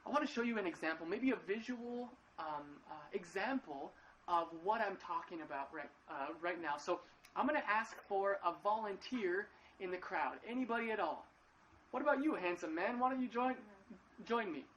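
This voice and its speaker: Halting, conversational pastor, muffled stream. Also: male voice, high-pitched, lively intonation, fairly bright tone, slight background noise. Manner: conversational, halting, repeats words often. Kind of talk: casual live-streamed sermon. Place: living room at home.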